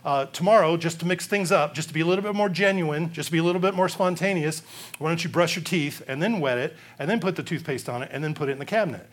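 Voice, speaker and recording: A man preaching a sermon, animated and given to sarcastic asides. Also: a little high, fast talker.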